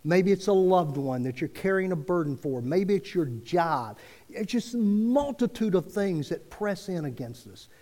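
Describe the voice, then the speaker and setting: In a church sanctuary with long, hall-like reverb, a male pastor preaches an earnest sermon in a high, animated voice. His phrasing is slow and emphatic, rising and dropping in a preacherly way.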